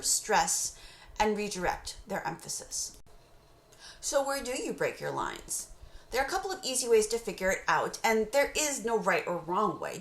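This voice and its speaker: A woman teacher giving a recorded course lecture on poetry, explaining terms in a measured way and reading short poem excerpts slowly aloud. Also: medium pitch, echoey room.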